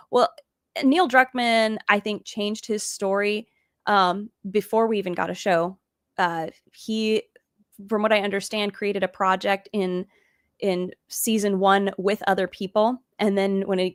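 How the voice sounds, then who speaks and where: A woman hosts a streamed talk and reads viewer questions aloud in a casual way. Her voice is at an ordinary middle pitch. The sound is dry and close, with no room echo. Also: a bit bright. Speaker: host. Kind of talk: casual discussion. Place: home stream setup.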